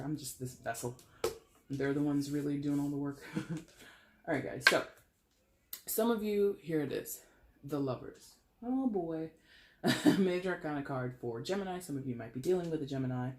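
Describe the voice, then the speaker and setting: A man giving a casual tarot reading, chatty and animated, swearing now and then. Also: medium pitch, echoey room. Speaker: tarot reader.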